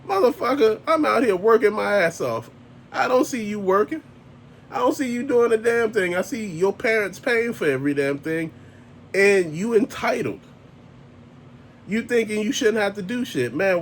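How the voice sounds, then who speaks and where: A male host launches into a blunt, emphatic rant, swearing freely as he drives each point home. His voice sits a little higher than most men's. A faint background hiss runs under the talk. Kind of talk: ranting monologue.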